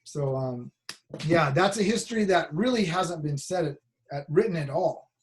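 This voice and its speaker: Over a video call, a male college instructor chats casually with his class, restarting often and using many fillers. His voice is fairly high with lively intonation, and he moves at a moderate pace.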